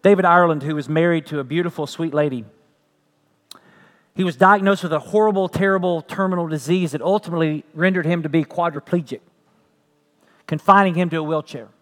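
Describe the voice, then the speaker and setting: A man's voice: on the high side, brisk. A man preaching a sermon as pastor, earnest, repeating phrases and building to emphatic peaks.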